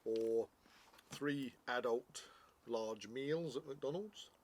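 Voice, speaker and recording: A man chats through a food review in a relaxed, joking way. His voice sits at an ordinary middle pitch, and he tends to ramble into long explanations. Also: drawn-out words. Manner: chatty, jokey, explains at length. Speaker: product reviewer, co-host. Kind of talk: casual review chat.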